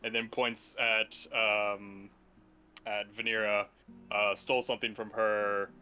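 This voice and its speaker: A man playing a tabletop role-play game, brisk and to the point, with hesitant fillers as he sums things up. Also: fairly low pitch, little pitch movement, pushed and bright, clean tone, soft background music.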